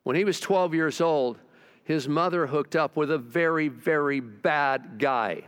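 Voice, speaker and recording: Older pastor preaching, low drops. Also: male voice, a little slow, smooth. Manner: storytelling preacher, drops low and quiet for emphasis; talks to the congregation with questions. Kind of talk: sermon.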